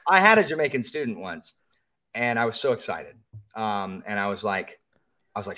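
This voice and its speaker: A man's voice: fairly low pitch, expressive, normal speed, sharp tone, a little hiss or hum. A man, a podcast guest, chatting casually and animatedly, often jumping into mocking voices.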